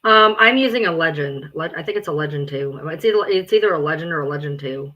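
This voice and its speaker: A woman livestreaming and chatting casually, blunt, exasperated and quick to swear. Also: sits low, expressive, muffled recording.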